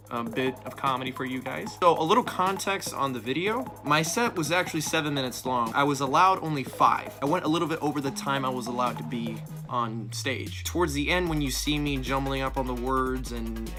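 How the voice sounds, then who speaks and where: A man in his twenties talking casually to camera in a slightly halting way. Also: mid-range voice. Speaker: vlogger. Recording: talk over loud background music.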